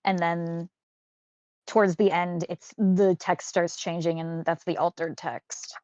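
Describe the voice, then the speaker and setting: A woman's voice: on the low side, level tone, unhurried, a little mellow, no echo, highs cut off. A woman chatting casually about game lore as host, rambling with many fillers and restarts.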